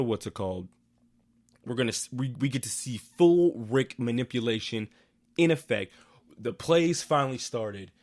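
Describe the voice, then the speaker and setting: A man talking alone into a home podcast mic, recapping a show episode. His voice sits at a middle pitch. He rambles, swears freely and breaks into animated outbursts. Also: no echo, studio quality. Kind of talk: casual solo recap chat.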